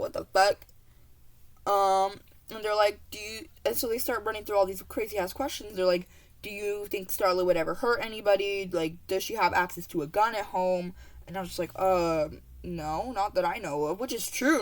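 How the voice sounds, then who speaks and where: A teenage girl telling a school story in a casual vlog, rambling and swearing, with many fillers and asides. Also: mid-range voice. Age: teens.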